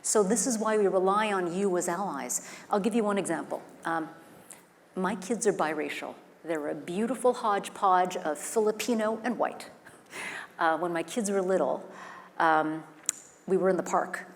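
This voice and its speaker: A woman's voice: lowish voice, moderate pace, gravelly. A woman facilitating a workshop, speaking earnestly and guiding the room with questions. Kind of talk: live workshop talk. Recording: echoey hall with faint noise.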